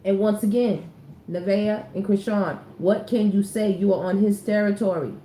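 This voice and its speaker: A woman's voice: mid-range voice, fairly even intonation, normal speed, warm tone, slight background noise. A woman reading tarot cards in a casual, chatty way, full of slang and repeated phrases for emphasis. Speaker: tarot reader. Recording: roomy echoey recording.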